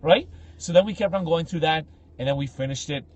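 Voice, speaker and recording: A man with a slightly high, husky voice tells a story on a casual podcast. He is slangy and lively, and he jumps into loud, animated impressions of the people in his tale. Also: fast talker. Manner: animated, acts out quoted speech with big loud jumps; slangy, says bro and like a lot. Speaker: podcast co-host telling a story.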